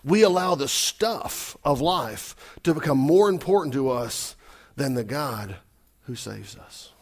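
A man preaching a sermon, animated, swinging between loud emphatic lines and soft asides, acting out quotes. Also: mid-range voice, measured pace. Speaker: pastor.

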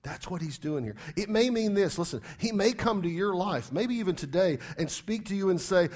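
A man's voice: sits high, animated, brisk, darkish tone. A male pastor delivers a sermon in a slightly raised voice. He talks emphatically and repeats key phrases. He keeps asking his congregation rhetorical questions.

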